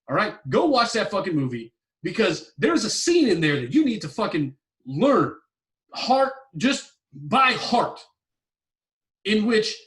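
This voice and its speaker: Male podcast host, high and animated, blunt and profane, a little off-mic. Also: recorded from a distance. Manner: profane, emphatic, repetitive ranting. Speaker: podcast host giving relationship advice. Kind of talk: blunt advice-show rant.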